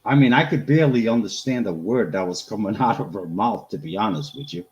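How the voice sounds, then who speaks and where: A man with a Boston accent talks in casual chat, worked up and animated. He keeps circling back on the same words as he complains. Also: on the low side, fairly quick, lo-fi sound. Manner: animated, ranting, repeats words.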